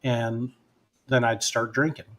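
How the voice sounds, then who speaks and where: A man's voice: medium pitch, little pitch movement, slow pace, fairly bright tone. A man, a guest hypnotist, telling a personal story in casual conversation and acting out both sides of the remembered dialogue.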